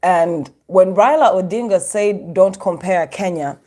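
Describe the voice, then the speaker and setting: A woman's voice: fairly low pitch, unhurried, warm tone. A woman from Uganda hosting a casual live stream from her phone, chatting to viewers and laughing often. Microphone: phone microphone.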